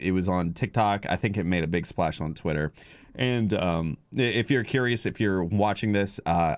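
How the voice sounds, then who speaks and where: A man's voice: deep voice, dry recording. A man hosting a podcast in casual chat, rambling and hesitant, full of fillers, on a podcast microphone. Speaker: podcast host.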